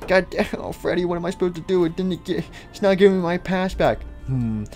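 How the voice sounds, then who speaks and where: A man's voice: high voice, expressive, a little fast, darkish tone, faint music behind. A man mumbling hesitantly through a game roleplay, full of ums and restarts. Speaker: roleplay youtuber playing the boy hero.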